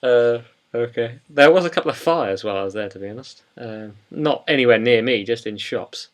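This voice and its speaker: A man's voice: mid-range voice, fairly quick. A young man co-hosting a wrestling podcast in casual chat, rambling and hesitant, with many ums. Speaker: podcast co-host.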